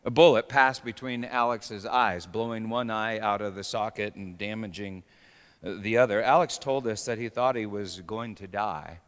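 A man preaching a sermon with dramatic swings between hushed storytelling and sudden shouts. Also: lowish voice, normal speed, smooth. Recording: long reverb of a large hall.

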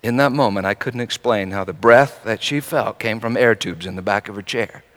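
A man preaching a sermon through a personal story, told in an animated way that swings from hushed and soft to shouting. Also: lowish voice, normal speed, in a large hall.

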